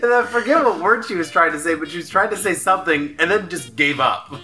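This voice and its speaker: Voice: medium pitch, lively intonation, quick pace, pushed and bright. A speaker in casual chat, joking and giggling.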